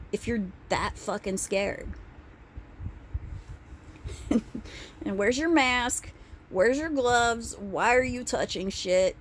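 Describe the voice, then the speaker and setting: A young woman telling a casual vlog story, animated and profane, with laughing asides. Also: on the high side, slight background noise. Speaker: vlogger.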